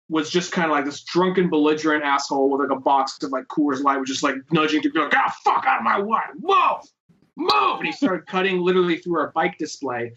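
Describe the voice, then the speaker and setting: A man with a high, bright voice hosts a casual podcast chat. He rambles through stories and swears freely. The sound is a little dull and lo-fi. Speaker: podcast host.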